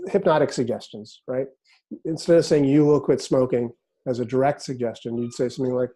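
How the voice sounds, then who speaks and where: A middle-aged man, a hypnotist, talking casually in an interview and sliding into slow, hypnotic phrasing as he tells stories. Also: medium pitch. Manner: relaxed and storytelling, drops into slow hypnotic phrasing. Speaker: hypnotist explaining his method. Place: office in a big city.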